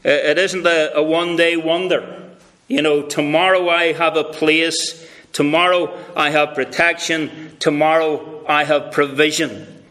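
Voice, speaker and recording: A man voicing a cheerful, chatty young woman who speaks lively and conversationally, barely shifting from his own voice. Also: a little high, a little slow. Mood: delighted.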